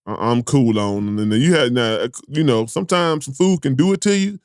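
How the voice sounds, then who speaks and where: A man hosting a casual comedy podcast, telling animated, profane stories and breaking into laughter. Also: mid-range voice, brisk, no echo, studio quality. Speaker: podcast host.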